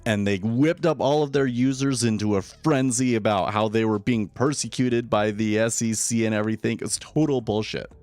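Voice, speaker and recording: A man's voice: fairly low pitch, fairly even intonation, normal speed, hardly any pauses, darkish tone, soft background music. A man streaming live trading commentary, casual and opinionated, often repeating words as he starts a sentence. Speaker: day trader streaming live.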